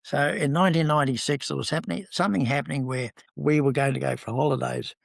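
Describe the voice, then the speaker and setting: This interview guest is a man in his seventies from New Zealand whose voice is on the high side, steady and gravelly, moving at a quick pace with no echo. He spins rambling anecdotes, relaxed and conversational, peppered with ums.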